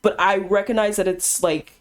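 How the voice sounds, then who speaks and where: A woman's voice: medium pitch, steady tone, normal speed. A woman chatting casually on a live stream, teasing her co-host bluntly and laughing often.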